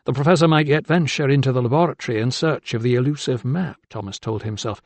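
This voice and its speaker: A man reads an audiobook in a steady, deliberate storytelling manner. His voice has a gravelly grain, and the recording is dry and close. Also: medium pitch, no room sound. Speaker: audiobook narrator. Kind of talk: scripted narration.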